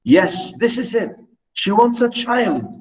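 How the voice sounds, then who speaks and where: A man's voice: very high voice, lively intonation, takes it slowly, low-quality recording. A man teaching a literature lesson online, chatty and emphatic, often asking the class questions.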